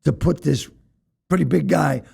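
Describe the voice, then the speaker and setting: An older man telling wild stories from his past as a podcast guest, in an animated, profane way. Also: on the high side, normal speed, gravelly, husky. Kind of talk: storytelling in a podcast interview.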